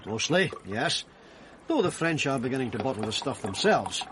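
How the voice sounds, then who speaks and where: An actor playing a fussy, flustered wine merchant in a period crime drama. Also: male voice, medium pitch, very animated, moderate pace, background noise, natural voice. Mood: genial. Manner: fussy, flustered, nervous laughs. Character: fussy, genial older male wine merchant.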